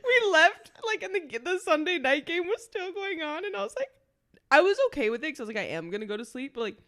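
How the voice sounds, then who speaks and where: Young woman, podcast co-host, high bright voice, very lively pitch, jokey, laughs a lot. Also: quick pace. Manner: expressive, laughs often, jokey exaggeration. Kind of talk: casual chat.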